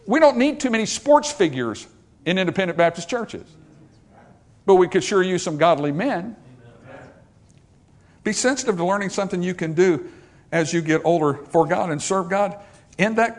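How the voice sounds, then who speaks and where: Older male pastor, high voice with big swings in pitch, emphatic preaching full of rhetorical questions. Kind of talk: sermon.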